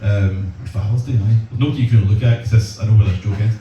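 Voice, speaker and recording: Crude Scottish stand-up comic, echoey room. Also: male voice, fairly low pitch, fast, muffled recording. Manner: crude, self-deprecating, banters with the crowd. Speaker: stand-up comedian. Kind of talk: stand-up set. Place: comedy club. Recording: echoey club from far off, loud noise.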